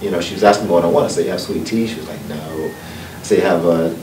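A low-voiced, fast-talking Southern man from North Carolina, his tone darkish, tells stories as a guest speaker at a book event. He's folksy and earnest, working up to uplifting motivational points, recorded from far off in a noisy room with echo.

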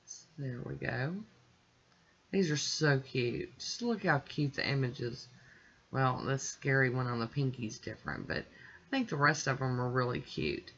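A woman hosting her own nail art channel, narrating a tutorial in a chatty, relaxed way as she works step by step. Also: rumbling low, normal speed, highs cut off.

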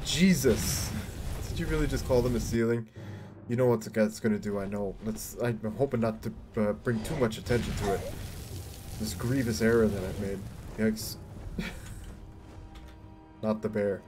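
A man streaming himself playing a game, reacting loudly and swearing at what happens on screen. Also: fairly low pitch, moderate pace, long pauses. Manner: excitable, swearing, shouting at the game. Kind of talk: live gameplay commentary.

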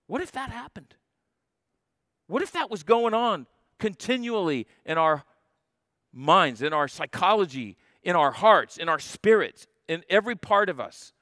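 Emphatic preaching man, higher voice. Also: big pitch swings, sharp tone, no room sound, clean studio sound. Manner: emphatic preaching, slows and stresses key phrases. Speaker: guest pastor. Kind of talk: sermon. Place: church sanctuary.

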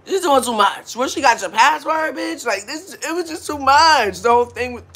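A woman's voice: high-pitched, expressive, moderate pace, a bit bright. A woman hosting a mukbang livestream, ranting casually with blunt, profane talk and frequent laughs while hungover.

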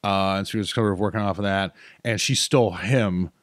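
A man's voice: low voice, steady tone, a little fast, a crowd in the background. A man in his thirties, a comedian guest on a podcast, casually telling a long story full of "uh"s and self-corrections.

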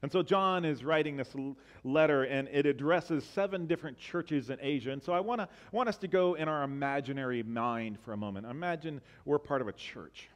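A man preaching a sermon as a church pastor, earnest and repetitive, building to emphatic bursts and then dropping quiet. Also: on the high side, animated, a little fast, hardly any pauses.

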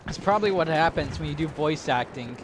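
Excitable young gamer with strained voice. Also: male voice, on the high side, brisk, background noise. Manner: blunt, excitable, ranting. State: slightly strained voice. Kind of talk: casual gaming chat.

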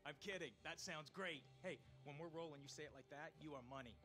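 An actor playing a brash, upbeat male brand director in a video game cutscene, talking fast and joking like a salesman. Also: on the high side, sharp tone, soft background music. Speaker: brand director at a commercial shoot.

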